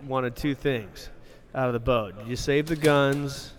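A man co-hosting a casual chat, chiming in with quick questions and remarks. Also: medium pitch.

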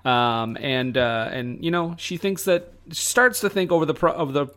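A man's voice: on the high side, moderate pace, a bit bright, clear, resonant tone. A man co-hosting a podcast, rambling through a casual chat about an old film with lots of fillers. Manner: rambling, many fillers and laughs. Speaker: podcast co-host.

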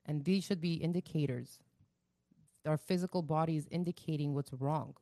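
Woman co-host, low mellow voice, thoughtful talker, dry close mic. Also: moderate pace, dry recording. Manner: thoughtful, explains with many "like" fillers. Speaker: podcast co-host. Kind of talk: casual chat.

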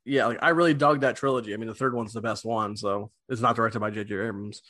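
A man's voice: lowish voice, steady tone, fairly bright tone. A man co-hosting a casual movie talk, often stumbling and repeating words as he gets going. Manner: halting, repeats words as he starts.

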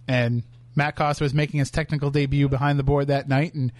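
A man's voice: medium pitch, flat delivery, fairly quick, a little mellow, dry recording. A man hosting a radio show from a studio, chatting casually with his co-host and laughing often. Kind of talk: casual on-air banter. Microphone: studio microphone.

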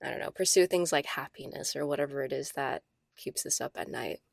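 This podcast co-host, a woman in her thirties, tells a chatty personal story brimming with "like". Her rumbling low, gravelly voice moves fairly quickly in a sing-song way. The clean studio sound has no room sound at all.

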